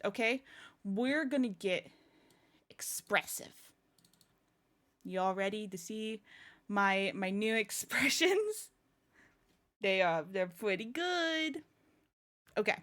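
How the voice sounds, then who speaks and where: A young woman chats casually on a live stream, breaking into giggles and gushing. Her voice sits a little high, and she talks at an unhurried pace. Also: expressive, fairly bright tone. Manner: giggly, laughs often and gushes. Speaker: streamer showing her new avatar.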